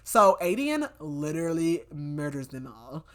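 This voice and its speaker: A woman's voice: low voice, big pitch swings, a little slow. A young woman on a podcast, casually recapping a novel's plot in a rambling way with lots of fillers and quoted dialogue. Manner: chatty, filler-heavy retelling with quoted lines. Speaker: podcast co-host. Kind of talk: casual book recap chat.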